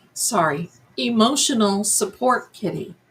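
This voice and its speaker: Slow-spoken woman tarot reader. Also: medium pitch, rough recording. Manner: slow, musing, talks to viewers and her cats. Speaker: psychic medium livestream host. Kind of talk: live tarot reading chat.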